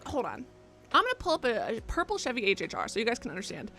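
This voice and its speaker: A woman in her twenties chatting casually to her live-stream audience, rambling and self-mocking, with sudden loud excited bursts. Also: on the high side, quick pace. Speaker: game streamer. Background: faint background music.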